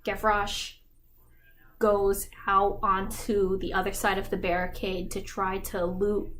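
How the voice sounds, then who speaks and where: A woman's voice: medium pitch, little pitch movement, measured pace, a bit bright, faint music behind. Chatty woman, irreverent plot summary. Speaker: YouTube creator. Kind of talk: casual story summary.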